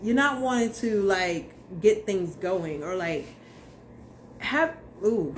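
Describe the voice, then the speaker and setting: Her voice sits at medium pitch, animated but slow, over a faint hiss or hum. She's a young woman doing a casual tarot reading to camera, addressing viewers bluntly with plenty of slang and swearing.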